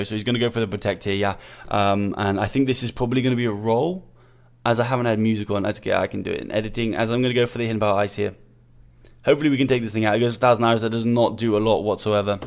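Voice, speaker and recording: A man, the host of a gaming channel, commentating his own match live, thinking aloud, repeating himself and calling himself an idiot after mistakes. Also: on the low side. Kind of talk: live play-by-play commentary of a game.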